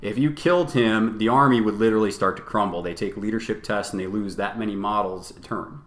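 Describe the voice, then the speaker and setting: A man co-hosting a podcast, telling a tabletop tournament story in a casual, animated and profane way, acting out both sides of the argument. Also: fairly low pitch, brisk. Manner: animated, profane storytelling with quoted back-and-forth. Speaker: podcast co-host. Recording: roomy echo.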